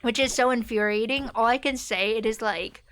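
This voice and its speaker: With a fairly high, fairly bright voice at normal speed, a young American woman streams a game and chats casually with viewers. She has a neutral accent and rambles with many fillers, and there's a bit of hiss or hum on the recording.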